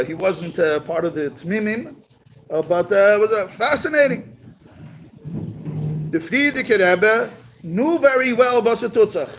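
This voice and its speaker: A man's voice: high-pitched, slight background noise, rough recording. A man giving a talk, telling a story at a community gathering and mixing in Yiddish and Hebrew words.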